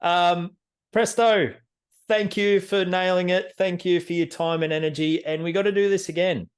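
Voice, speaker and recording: A man's voice: high voice, fairly even intonation, moderate pace. A man hosting a travel podcast over a video call, easygoing and chuckling as he wraps up. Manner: easygoing, chuckling, plain-spoken. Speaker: podcast host. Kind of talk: casual chat.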